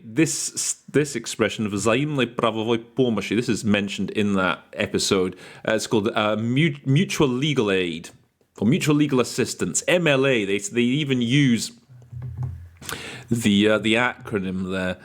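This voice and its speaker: A man talks students through interpreting choices in a loose, chatty way, often restarting and filling pauses with "uh". His voice sits at an everyday middle pitch. He drifts into short anecdotes as he goes. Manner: thinks aloud with frequent restarts and fillers. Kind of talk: casual teaching talk.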